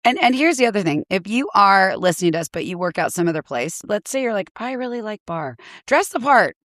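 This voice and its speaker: A woman co-hosting a podcast in casual chat, animated and playful, swearing freely, close on a studio mic. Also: medium pitch, fast talker, no room sound. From Pennsylvania, USA. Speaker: podcast co-host. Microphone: studio microphone with foam cover.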